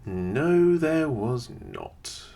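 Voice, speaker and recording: A man, thinking aloud in casual gameplay commentary from a quiet home room, often pausing with "um". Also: mid-range voice, wildly swooping pitch, gravelly. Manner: thinks aloud, chatty, many "um"s. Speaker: video creator playing a geography game. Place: quiet home room with a computer under the desk.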